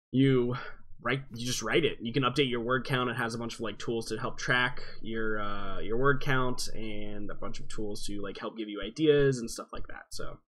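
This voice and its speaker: A man's voice: medium pitch, a bit bright, a little hiss or hum. A man chatting casually about his week in a loose, rambling way with many fillers. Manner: rambling, filler-heavy catch-up talk. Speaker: game master and stream host. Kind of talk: casual chat before a game session.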